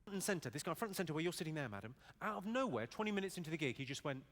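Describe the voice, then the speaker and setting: A man's voice: fairly high pitch, very animated, racing. A male stand-up comedian working the crowd in a live arena. He talks dry and cutting, swears freely and mimics regional accents. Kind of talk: stand-up set with crowd work. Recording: loud audience noise from a stage recording.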